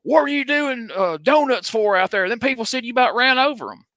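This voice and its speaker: A man voicing an irritated rural police officer, in a high hollering twang. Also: brisk, a bit bright, no room sound. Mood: accusing.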